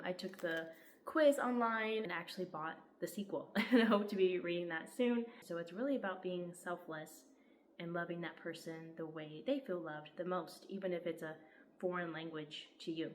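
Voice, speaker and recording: Young woman, lowish voice, earnest and gushing, casual book vlog, faint hiss behind. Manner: enthusiastic, heartfelt, lots of "like". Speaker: book vlogger.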